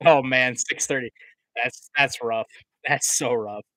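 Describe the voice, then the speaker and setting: A man's voice: mid-range voice, fairly even intonation, unhurried, pushed and bright, no echo, low-quality recording. A young man doing live play-by-play commentary on a stream, chatting casually with viewers between plays. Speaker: livestream commentator.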